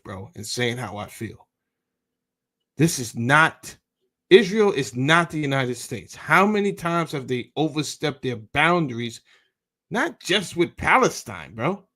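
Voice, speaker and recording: A man's voice: fairly high pitch, a bit bright. A man hosts a podcast, talking through a bill in a loose, fired-up way. He is blunt and profane and keeps calling the listener bro. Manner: heated, blunt and profane, says bro a lot. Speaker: podcast host. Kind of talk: casual commentary reading a bill aloud.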